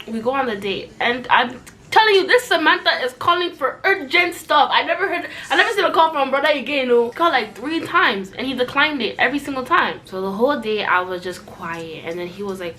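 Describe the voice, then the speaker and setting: A young woman telling a storytime vlog in casual chat, sarcastic and animated, shooting up in pitch when outraged and dropping low and quiet for asides. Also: brisk, slight background noise. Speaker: vlogger.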